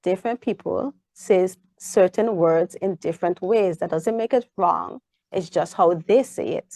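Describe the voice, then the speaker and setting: A young woman with a Caribbean English accent speaks as a guest in a relaxed interview. Her voice sits low and sounds dry and close, and she brings her anecdotes to life by acting out the voices in them. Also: unhurried, dry recording. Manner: animated storyteller, acts out her child's voice. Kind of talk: casual interview chat.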